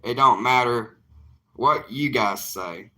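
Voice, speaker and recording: Bright-toned evangelist, plainspoken. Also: male voice, mid-range voice, slow pace. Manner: earnest, plainspoken, defiant. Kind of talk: casual livestream talk to viewers.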